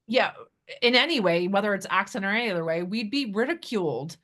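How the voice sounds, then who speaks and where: A woman's voice: mid-range voice, animated, fairly quick, fairly bright tone. A woman co-hosting a casual political podcast, mostly agreeing and adding short remarks. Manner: agreeable, chimes in with short replies. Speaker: podcast co-host.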